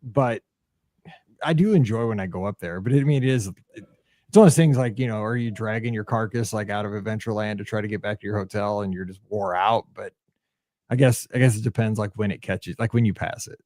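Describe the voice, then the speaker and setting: A man co-hosting a podcast in casual chat, rambling and animated with many restarts. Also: fairly low pitch, a little fast, no echo, studio quality. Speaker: podcast co-host.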